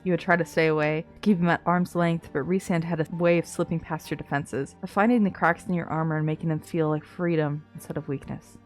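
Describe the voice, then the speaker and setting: A woman reading fanfiction aloud, hushed and soft in the story parts, with excited comments in between. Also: deep voice, brisk, hardly any pauses, soft background music. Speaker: content creator.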